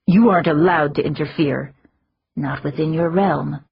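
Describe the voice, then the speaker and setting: A woman voicing an ancient fae woman with calm, soothing authority, read as part of an audiobook. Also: deep voice, moderate pace, gravelly, husky, lo-fi sound, exaggerated voice. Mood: commanding.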